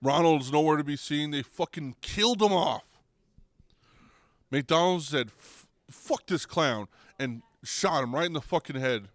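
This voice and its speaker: A man's voice: moderate pace, no echo. Profane rambling young podcast guy. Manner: rambling, profane, restarts, goes loud and high when riled. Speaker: podcast host. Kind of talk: comedic rant.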